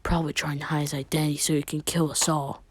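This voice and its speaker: A man voicing fearful villagers who gossip in hushed mutters. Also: a little high, level tone, fast, slightly rough, no echo. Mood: muttering.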